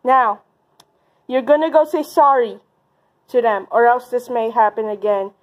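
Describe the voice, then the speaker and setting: A woman's voice: a little slow, close to an everyday voice. Woman doing a stern, bossy principal. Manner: lower, dry and bossy. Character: stern strict school principal.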